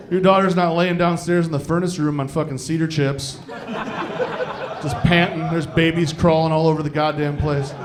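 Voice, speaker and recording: A man from Iowa performing a stand-up comedy set live, talking conversationally, swearing freely, and often checking in with the crowd. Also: a little high. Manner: profane, conversational, often asks the crowd "you know what I mean?". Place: live venue before a laughing audience. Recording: live show with audience laughter. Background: crowd laughter.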